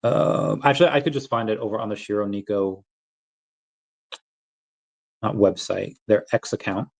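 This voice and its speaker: A man hosting a casual crypto livestream, rambling in a relaxed way with many fillers and bouts of hiccups. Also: on the low side, normal speed, vocal fry. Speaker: crypto channel host.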